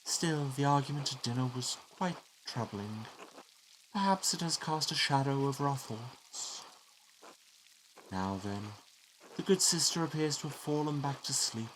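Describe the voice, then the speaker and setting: A man voicing a pious, gentle older village priest in a game, reading his lines in a solemn, measured way. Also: medium pitch, expressive, slight background noise, pitched above the performer's own voice, rough recording.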